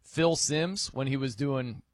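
A man's voice: mid-range voice, slow pace, no room sound, clean studio sound. A man hosting a sports radio show, chatting casually and laughing as he mimics people in his stories.

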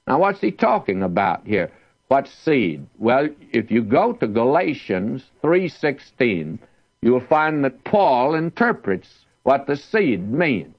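A man's voice: medium pitch, sing-song, takes it slowly, no room sound, highs cut off. A man teaching the Bible verse by verse, reading scripture aloud with emphasis.

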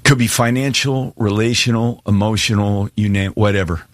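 A man preaching a sermon as pastor, earnest and pleading, slowing and speeding up for emphasis as he calls listeners to respond. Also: on the low side, steady tone, dry recording. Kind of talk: sermon with altar call.

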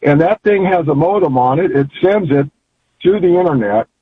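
Brief: older male caller, rambling and folksy, husky and on a phone line. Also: a little high, animated, moderate pace, no echo. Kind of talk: call-in radio chat.

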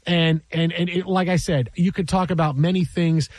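A man's voice: on the high side, steady tone, moderate pace, a little mellow, dry recording. A man hosting a sports talk show, emphatic and sarcastic, riffing in mock quotes.

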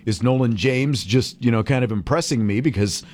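A man hosting sports talk radio, animated and a little sarcastic, rambling through his points. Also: medium pitch, normal speed, a little hiss or hum.

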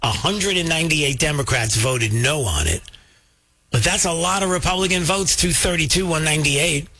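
A man's voice: on the high side, expressive, moderate pace, bright, forceful tone. A man hosting casual political commentary, full of fillers and asides to his viewers. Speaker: host.

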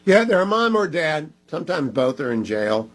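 A man hosting a talk radio show, making emphatic, preachy appeals to listeners in a husky voice. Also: on the high side, big pitch swings, moderate pace, a bit bright.

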